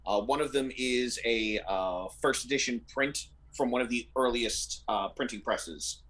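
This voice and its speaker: A man narrating as game master of a tabletop role-playing game, relaxed and descriptive. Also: medium pitch, unhurried. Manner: descriptive, relaxed, uses fillers.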